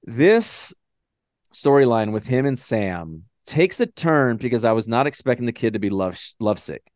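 Guy cohosting a podcast, super lively pitch, jokey and sweary, dry close sound. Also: moderate pace, no echo. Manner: animated, swears freely, jokey. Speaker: podcast co-host. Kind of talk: casual chat.

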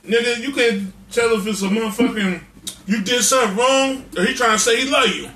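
A man's voice: very high-pitched, fairly quick, sharp tone, breathy edge. A man co-hosting a casual outdoor chat, mostly chiming in with short reactions. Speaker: podcast co-host. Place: outdoors in a park.

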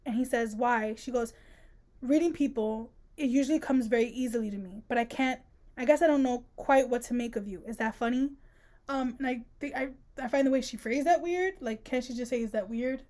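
A woman co-hosting a podcast, chatting casually about a book, slangy and animated, acting out the characters' lines as she retells scenes. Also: on the high side, fairly quick. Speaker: podcast co-host. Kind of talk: casual book-discussion chat.

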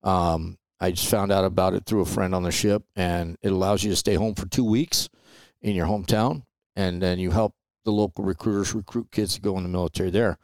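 A middle-aged man tells stories in a loose, conversational way. His voice sits on the low side, with a gravelly edge to it. The sound is dry and close, with no room around it. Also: a little fast, no echo. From Los Angeles. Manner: relaxed, chatty, peppers talk with "man" and "you know". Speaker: guest. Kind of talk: casual storytelling interview.

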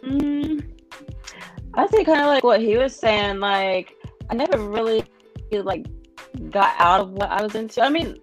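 A woman's voice: fairly high pitch, animated, measured pace, long pauses, faint music behind. A young woman talking casually on a podcast, hesitant and full of fillers. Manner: hesitant, lots of "like".

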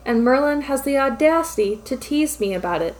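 A woman voicing a gruff, grumpy young male office manager who mutters curt replies in a fan fiction reading. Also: sits high, animated, a little fast, low-quality recording. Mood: annoyed.

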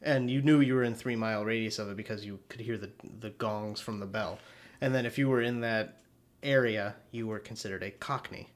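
A man's voice: fairly low pitch, brisk. A man in casual podcast conversation about movies, rambling and laughing often, with casual swearing. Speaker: podcast co-host.

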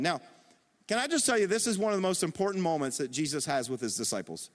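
A middle-aged man preaching a sermon as pastor, animated and calling on the congregation to respond. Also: fairly high pitch, quick pace. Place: church auditorium. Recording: long reverb of a large hall.

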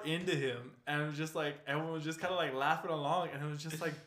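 A young man chatting casually with a friend, telling stories with lively quoted voices. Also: quick pace, hardly any pauses, reverberant. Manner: animated storyteller, jumps to loud high impressions. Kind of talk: casual chat among friends.

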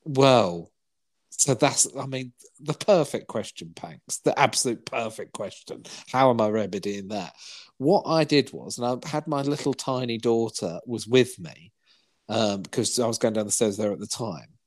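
A podcast co-host in his 40s speaks with a medium-pitched, animated voice at a moderate pace. He tells rambling stories in casual chat, occasionally swearing and acting out other people's lines.

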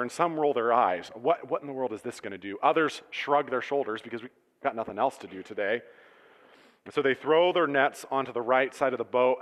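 A man's voice: mid-range voice, a bit bright. Man preaching in a reverberant church. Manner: conversational storytelling with asides. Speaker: pastor. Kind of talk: sermon.

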